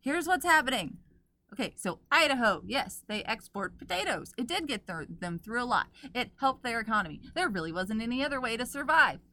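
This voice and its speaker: A woman's voice: a little high, very animated, brisk, sharp tone. A woman co-hosting a podcast in casual chat, earnestly explaining her point and laughing along. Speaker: podcast co-host.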